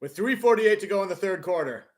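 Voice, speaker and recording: On his own live stream, a high-voiced male fan calls a football game with casual, fast-talking play-by-play of each play. He is excitable and bursts into loud cheers whenever his team scores.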